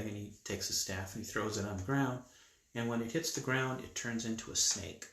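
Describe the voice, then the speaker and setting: A man telling a Bible story to children in a lively, conversational way. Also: lowish voice, brisk. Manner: lively, conversational, with acted voices. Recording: echoey room.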